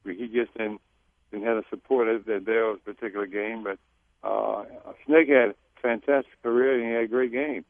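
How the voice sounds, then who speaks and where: A man, a former teammate, speaking as a guest on a phone-in radio interview in a halting, reflective way that repeats words. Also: lowish voice, steady tone, dry recording. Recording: tinny phone line.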